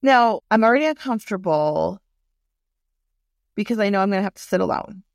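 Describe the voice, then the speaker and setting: Candid woman with a gravelly voice. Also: mid-range voice, fairly quick, dry recording, studio quality. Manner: candid and animated, swears freely. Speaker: storyteller. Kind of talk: casual personal storytelling.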